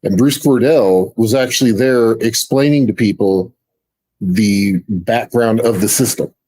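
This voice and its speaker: A man's voice: on the low side, unhurried, mellow, low-quality recording. A man on a casual panel, talking hesitantly and repeating words as he finds his point.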